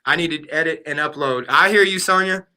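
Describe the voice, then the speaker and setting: Bright high-voiced playful male streamer. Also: a little fast, clean tone. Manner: playful, slangy, talks to the chat. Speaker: livestream host. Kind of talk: casual live chat.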